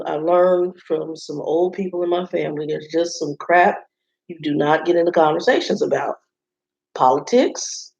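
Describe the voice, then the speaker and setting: A woman vlogger tells a rambling story to her viewers in a casual, chatty way. Her voice is low and gravelly. She is in a hotel room, and the sound is roomy and slightly dull. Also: a little mellow.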